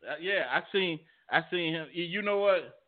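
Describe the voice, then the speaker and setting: A man's voice: sits high, normal speed. Laughing, stammering man on tinny audio. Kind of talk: casual chat.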